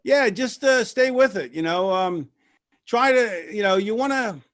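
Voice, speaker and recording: Casting: man, high voice, dry close sound, rambling anecdote-teller, loose and casual. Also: a little slow, no room sound. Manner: rambling, restarts, lively retelling with voices. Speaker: retired wrestler guest. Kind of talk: casual storytelling.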